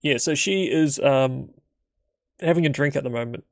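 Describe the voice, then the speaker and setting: Gravelly-voiced guy rambling through a solo tabletop session, dry close sound. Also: mid-range voice, normal speed, no echo. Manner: rambling, full of fillers. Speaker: game master. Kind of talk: solo tabletop game narration.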